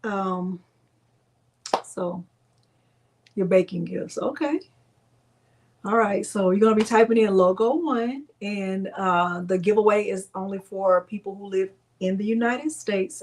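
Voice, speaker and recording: A middle-aged woman hosts a casual crafting livestream, greeting viewers by name and chatting warmly between steps. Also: mid-range voice, a little slow, long pauses, a little hiss or hum. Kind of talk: casual livestream tutorial chat.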